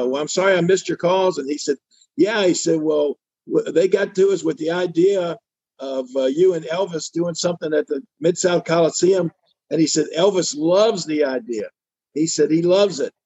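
A man's voice: a little high, normal speed, darkish tone, slightly rough, no echo, dull audio. An older man telling a long story in a casual interview, acting out the voices of the people he quotes. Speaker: interview guest.

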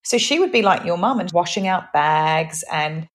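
A middle-aged woman from New Zealand with a softened Kiwi accent, co-hosting a podcast in a lively, laughing storytelling manner. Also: on the low side, moderate pace. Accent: New Zealand, partly anglicised. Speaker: podcast co-host. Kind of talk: casual chat.

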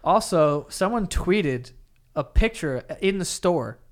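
A man co-hosting a casual podcast chat, joking and incredulous, with loud laughter. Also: high voice, expressive, slow pace. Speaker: podcast co-host.

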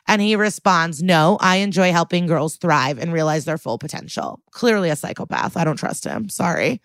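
A woman's voice: on the low side, normal speed, few pauses, fairly bright tone, dry recording. A woman co-hosting a podcast, chatting casually through an episode recap and acting out the characters' lines. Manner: chatty, acts out quoted lines with mock voices. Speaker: podcast co-host.

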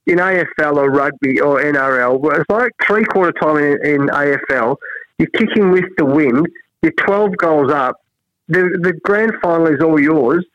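A middle-aged Australian man in a relaxed interview, telling stories and acting out what others said. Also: normal speed, no room sound. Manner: animated, acts out quoted voices with big pitch jumps. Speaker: national cricket head coach, guest. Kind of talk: casual storytelling interview. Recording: dry, dull lo-fi sound.

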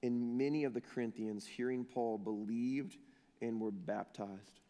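A man preaching a sermon as pastor, swinging from shouted lines to hushed ones and acting out the people he quotes. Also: mid-range voice, steady tone, unhurried, big-room sound.

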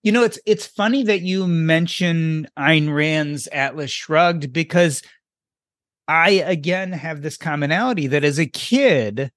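A man with a fairly high voice hosts the conversation and draws his guest out with casual questions. The recording is close and dry, with no room sound. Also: unhurried, fairly bright tone, no echo. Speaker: podcast host. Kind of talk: interview questions and commentary.

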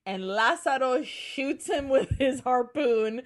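A woman's voice: high-pitched, expressive, takes it slowly. A woman co-hosting a podcast, casually retelling a film scene by scene with acted-out quotes and plenty of swearing. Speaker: podcast co-host. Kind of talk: casual chat recapping a film.

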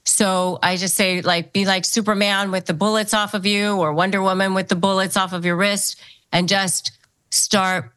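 A woman's voice: medium pitch, little pitch movement, normal speed, a bit bright, no echo. A woman hosts a podcast interview and lays out her advice step by step. She repeats her key phrases to drive them home. Her voice sits in a middle range and sounds dry and close, with no room around it. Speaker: podcast host.

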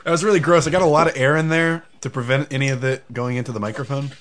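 A man's voice: mid-range voice, steady tone, quick pace, fairly bright tone. A man co-hosting a casual podcast chat, rambling and filling his talk with "like". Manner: rambling, lots of "like". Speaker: podcast co-host.

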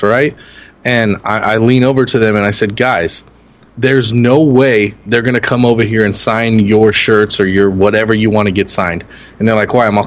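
A man co-hosting a sports podcast, telling lively anecdotes and acting out quotes in raised voices. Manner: animated storyteller, acts out quotes in higher voices. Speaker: podcast co-host. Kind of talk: casual sports chat.

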